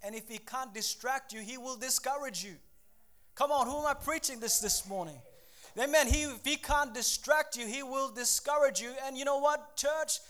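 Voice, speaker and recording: Pastor, male, very high voice, lively preaching style, acts out the people he quotes. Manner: animated preaching, acts out the speakers he quotes, calls out to the congregation. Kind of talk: sermon.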